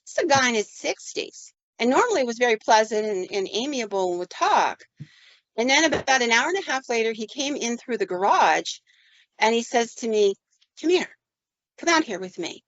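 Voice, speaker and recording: A woman's voice: a little high, big pitch swings, normal speed, fairly bright tone, no echo. A woman spinning a paranormal tale from her own life on a podcast, casual and chatty, slipping into the voices of the people she describes. Her voice is close and dry, with a slightly dull, muffled tone. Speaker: podcast host. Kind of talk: casual storytelling.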